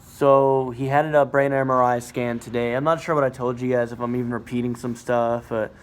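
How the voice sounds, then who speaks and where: Sick and sounding it, this young man talks to his camera in a loose vlog shot in a hospital ward and a car after dark. His medium-pitched delivery is flat and fairly quick, full of fillers and false starts as he rambles.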